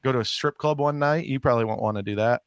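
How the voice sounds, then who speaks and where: A man's voice: mid-range voice, fast, clear, resonant tone, dry recording. A man co-hosting a comedy podcast, joking in a wry, self-deprecating way and rambling with fillers. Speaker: podcast co-host. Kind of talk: casual comedy podcast chat.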